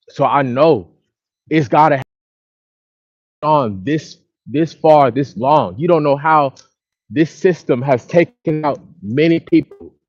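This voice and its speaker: A man's voice: a little high, no room sound, highs cut off. A man from Dallas, venting in a casual outdoor monologue, repetitive and frustrated. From Dallas, Texas. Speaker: vlogger. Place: outdoors by a lake or river.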